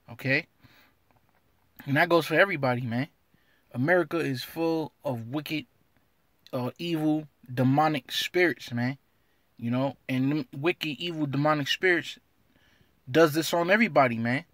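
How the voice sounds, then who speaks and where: A religious teacher gives an informal scripture lesson, blunt and streetwise, ending his lines with "man" and reading verses in an old-fashioned cadence. His voice is a little high and fairly bright, recorded in a clean studio with no room sound.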